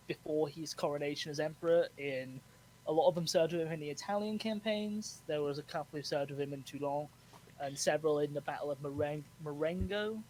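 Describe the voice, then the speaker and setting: A man's voice: a little high, a little mellow, a little hiss or hum. A man co-hosting a podcast, telling history in a rambling, casual way with fillers and restarts. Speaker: podcast co-host. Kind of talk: casual chat.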